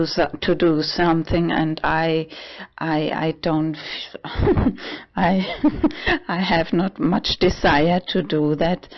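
A trans man in his forties talking casually in a vlog. He is halting and often breaks into laughter. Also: on the high side, lo-fi sound. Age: 40s. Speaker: vlogger.

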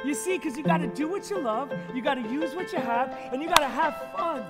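A man's voice: very high voice, animated, fairly quick. A man performing a playful family magic show on stage, leading the audience in call-and-response. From United States. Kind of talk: live kids' magic show patter. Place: concert hall stage. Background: music playing.

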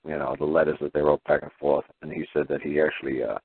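A man talking casually on a call-in show, piling up rhetorical questions in an animated way. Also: a bass voice, quick pace, vocal fry, slightly rough, dry recording. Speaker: guest caller explaining legal ideas. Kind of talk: casual phone-in talk. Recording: tinny phone line, dry.

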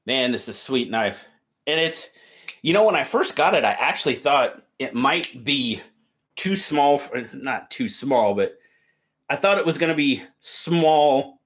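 A man's voice: mid-range voice, expressive, a little slow, fairly bright tone. A man hosting a casual live stream, cheerfully greeting viewers by name and chatting about their gear.

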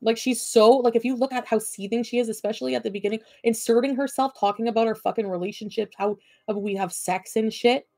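A woman's voice: on the high side, fairly even intonation, quick pace, few pauses, warm tone, no room sound. A woman streaming from home, ranting at her chat in a profane, combative and sarcastic way. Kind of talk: livestream rant at chat.

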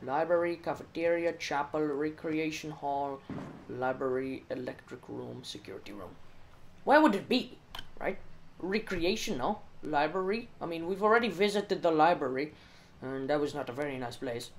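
A man's voice: on the high side, moderate pace, slight background noise, poor audio. A young man giving let's play commentary, muttering to himself with jittery nerves and frequent mild swearing. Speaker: gaming channel host.

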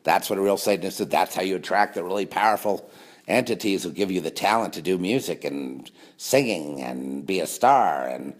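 Low-voiced man in a rambling sarcastic monologue. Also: animated, normal speed. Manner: sarcastic, mocking asides in put-on voices. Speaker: conspiracy video host.

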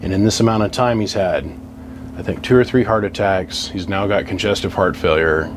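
A man's voice: low-pitched, brisk, noisy background. A man chatting to camera in his home workshop, telling a long rambling story in a casual, salty way. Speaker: radio repair vlogger.

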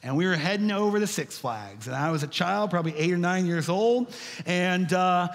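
A man's voice: high-pitched, expressive, normal speed. A male pastor preaching a sermon, telling stories in a folksy way and calling the congregation "y'all.". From Texas. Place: church sanctuary. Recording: reverberant church sanctuary.

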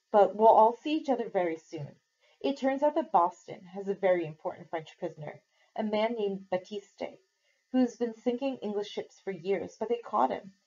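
A woman's voice: mid-range voice, warm tone, dull audio, a little hiss or hum, close to an everyday voice. A woman voicing a defiant Puritan captive girl who talks in an insistent, scolding way.

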